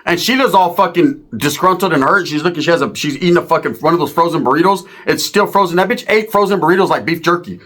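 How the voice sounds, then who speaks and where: A man's voice: a little high, quick pace, hardly any pauses, fairly bright tone. A man telling a profane, rambling comic story, ending his punchlines with tag questions. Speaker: comedian. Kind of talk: comedic storytelling.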